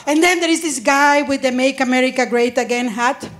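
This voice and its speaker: A woman from Nicaragua performing live stand-up comedy, animated, shouting protest chants and laughing through her punchlines. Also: sits high, fairly quick. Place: comedy stage before a laughing audience.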